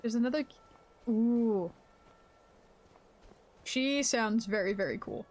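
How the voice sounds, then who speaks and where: Woman game streamer, chatty and excitable, fairly high voice, faint music behind. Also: slow pace. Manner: chatty, excitable, laughs often; greets chat viewers mid-game. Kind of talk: casual chat while live-streaming a game.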